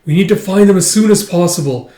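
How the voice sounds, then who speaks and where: A man's voice: high voice, fast talker, dark tone, reverberant, pitched above the performer's own voice, lightly acted. A man reading the lines of a young princess who leads an army, in an earnest, urgent way.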